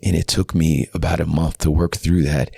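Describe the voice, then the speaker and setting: A pastor in his thirties speaks with an exceptionally deep voice that has a heavy fry. The tone is husky and rough around the edges. He tells his story earnestly and from the heart, on a podcast mic. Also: fairly even intonation, normal speed, a little mellow, dry recording. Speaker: guest pastor. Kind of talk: candid personal testimony.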